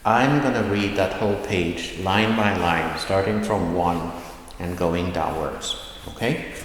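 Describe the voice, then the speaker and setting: A man teaching a language lesson, reading word lists slowly and enunciating each word clearly. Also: deep voice, a little hiss or hum. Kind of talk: pronunciation lesson. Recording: echoey room with long reverb.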